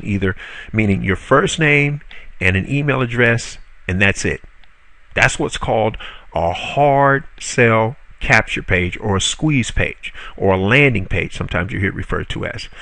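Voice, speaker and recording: A man with a gravelly, creaky voice walks viewers through a marketing tutorial, recorded dry with no room sound. He talks casually, stumbles over fillers and corrects himself, and keeps pitching rhetorical questions at the audience. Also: bright, forceful tone, dry recording. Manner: conversational, frequent "uh" fillers and self-corrections. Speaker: online marketing instructor. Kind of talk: spoken video tutorial.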